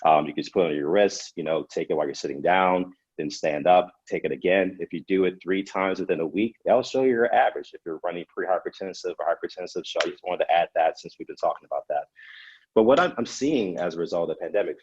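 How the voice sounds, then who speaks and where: A man's voice: sits low, fast talker, darkish tone, breathy edge, muffled recording. A man in his thirties, a psychiatrist and professor, giving emphatic, instructive advice on a panel. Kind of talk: panel discussion.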